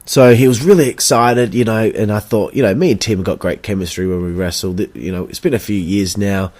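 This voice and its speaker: A young Australian man with a fairly low voice tells a story on his podcast in a blunt, casual way. He swears freely and acts out both sides of past conversations. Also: brisk, darkish tone. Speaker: podcast host and backyard wrestler.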